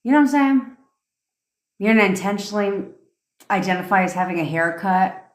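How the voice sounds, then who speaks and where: A woman's voice: mid-range voice, expressive, brisk, roomy sound. A woman manifestation coach ranting sarcastically and profanely on a phone live stream. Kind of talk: TikTok live rant.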